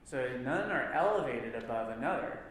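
A man's voice: medium pitch, animated, normal speed, a bit bright, slight background noise. A man teaching a church Bible class, stressing points by repeating words. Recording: echoey room with long reverb.

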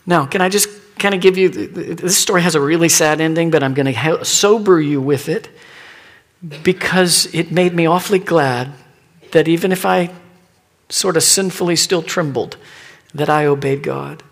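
A middle-aged man preaching a sermon as pastor, telling a personal story and dropping at times into hushed, near-whispered asides. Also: a little high, moderate pace.

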